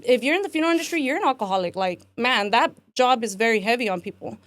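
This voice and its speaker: A woman in her twenties telling her life story as an interview guest in a casual, animated way, acting out quotes and saying "like" and "man" often. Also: fairly high pitch, fast, no room sound.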